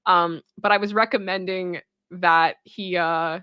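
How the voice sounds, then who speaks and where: A woman's voice: on the low side, fairly even intonation, measured pace, clear, resonant tone, no room sound, highs cut off. A woman with a Toronto Canadian accent, chatting casually with her livestream chat, rambling with restarts and little asides. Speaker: livestream host.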